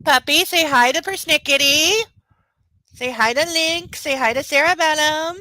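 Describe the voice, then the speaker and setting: A woman's voice: high-pitched, moderate pace, sharp tone, rough recording. A woman hosting a casual late-night livestream from home, cooing baby talk to her dog and swearing freely. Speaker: livestream host.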